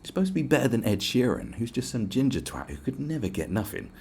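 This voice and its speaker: A man's voice: mid-range voice, very animated, quick pace, creaky, mellow, a little hiss or hum. A man with a British accent hosting a podcast, ranting in a casual, profane, sarcastic way. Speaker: podcast host.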